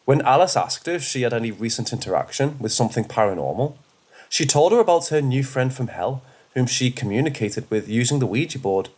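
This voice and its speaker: Male narrator for true ghost stories, steady and measured, medium pitch. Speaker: storyteller. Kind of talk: scripted horror story narration.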